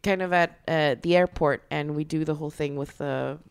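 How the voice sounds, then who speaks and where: A woman's voice: sits low, fairly even intonation, moderate pace, clear, resonant tone. A woman chatting casually in a playful, giggly way. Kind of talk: casual chat.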